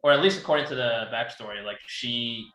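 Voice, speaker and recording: A man's voice: mid-range voice, fairly quick, fairly bright tone, roomy sound, faint music behind, poor audio. A man playing a tabletop game, asking questions in an easygoing way. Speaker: player. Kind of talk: casual tabletop game chat.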